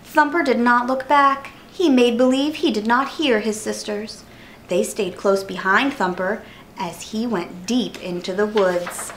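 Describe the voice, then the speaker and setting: Casting: storytime reader, lightly high voice, clear and lively for kids. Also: female voice, measured pace, slight background noise, low-quality recording. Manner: clear, expressive storybook narration. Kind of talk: reading a children's picture book aloud.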